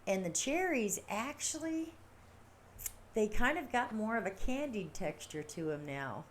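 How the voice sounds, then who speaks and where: A woman's voice: medium pitch, lively intonation, unhurried, a little hiss or hum. A middle-aged woman hosting a livestream, talking casually in a rambling, chatty way and laughing often. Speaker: livestream host. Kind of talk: casual chat.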